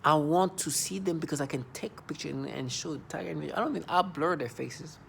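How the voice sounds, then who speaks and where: Guy in his 30s ranting to camera, angry and repetitive, gravelly voice. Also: on the high side, quick pace, slight background noise. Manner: agitated, repetitive, accusing. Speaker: vlogger.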